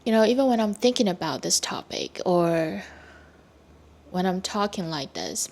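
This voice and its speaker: Woman vlogger, reflective solo monologue, very slow delivery, lower register, thoughtful with frequent pauses. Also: a little mellow. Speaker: video creator.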